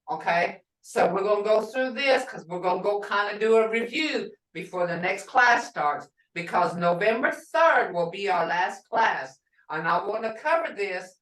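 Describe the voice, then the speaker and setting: A middle-aged woman teaches a language class at a deliberate, unhurried pace, saying each word and then repeating it for her students. Her voice sits in a middle range. The mic is a little distant and picks up a roomy echo. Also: mid-range voice, animated, fairly bright tone. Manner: repeats words slowly for learners.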